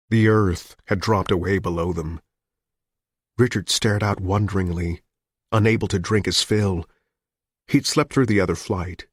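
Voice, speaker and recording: A man reading a thriller audiobook in a measured, even storytelling manner. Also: sits low, slightly rough, dry recording, studio quality. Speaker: audiobook narrator. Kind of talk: scripted narration.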